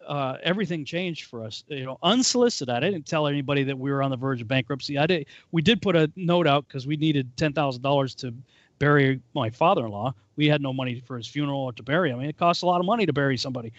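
A man's voice: fairly high pitch, dry recording, dull audio. A man on a panel call, casually telling a personal faith story and acting out quoted voices as he goes. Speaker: panel guest. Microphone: call audio.

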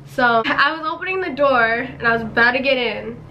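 A young woman with a slightly high voice recounts a childhood story on her vlog, chatty and loose with lots of "like" fillers. She speaks into a camera mic at home, with a faint hum of room ambience behind her. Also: a little fast, lo-fi sound. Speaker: vlogger.

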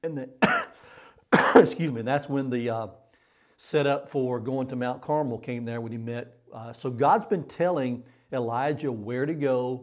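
A man's voice: medium pitch, measured pace, darkish tone. A male pastor preaching a sermon in an earnest way, repeating phrases for emphasis.

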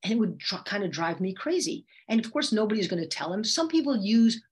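A woman communication coach leads a webinar over a video call, speaking in a slightly husky, mid-range voice. She teaches in an explanatory way and often shifts her voice to show what she means. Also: mid-range voice, sing-song, fairly quick. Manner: demonstrative, shifts her voice to illustrate points.

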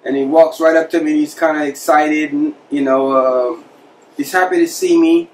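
A man's voice: on the high side, normal speed, a little hiss or hum. Man telling a story from a distance. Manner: conversational, animated retelling with quoted dialogue. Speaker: podcast host telling a personal prison story. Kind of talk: casual storytelling.

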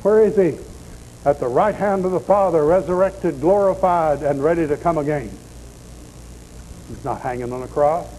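A man's voice: on the high side, normal speed, warm tone, low-quality recording. A man preaching a deliverance sermon in a folksy, blunt storytelling manner, with faint noise in the background.

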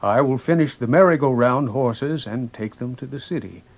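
A man playing a kindly, gentle old woodcarver in a storybook cassette, with a husky voice. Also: mid-range voice, normal speed, lightly acted.

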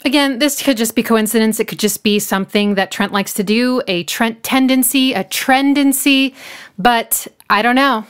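A woman breaks down a song with casual enthusiasm, playing with words and now and then singing short snippets. Her smooth voice is on the high side, moving at a moderate pace with faint music behind.

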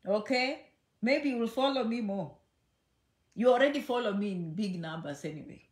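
A woman's voice: on the high side, animated, normal speed, a little mellow. A woman hosting a casual livestream chat from home, chatty and affectionate, often checking in with okay. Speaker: social media host. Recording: echoey room.

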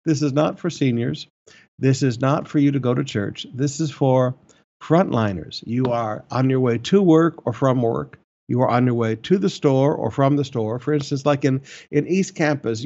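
A man's voice: mid-range voice, darkish tone, dull audio. An older man preaching as a pastor, earnest and repeating his key points for emphasis. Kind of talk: sermon and church announcements. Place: church in the Philippines.

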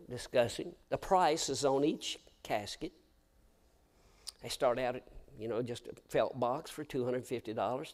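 A male American pastor preaching a sermon, telling stories and swinging from hushed to shouting. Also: medium pitch. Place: church sanctuary.

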